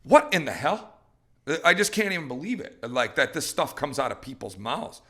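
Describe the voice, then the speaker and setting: A fired-up middle-aged man hosting a dog-training podcast, talking in a bright, tense voice that sits a little high for a man. He swings his pitch widely and slips into quick voices for dogs and people. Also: sing-song.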